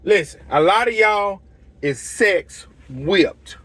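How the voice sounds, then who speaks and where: A middle-aged man who owns a lawn care business and hosts a channel rants to camera, blunt and heated, repeating himself and acting out dialogue in his stories. His high voice is expressive and sharp, he speaks slowly, and there's a little hiss or hum.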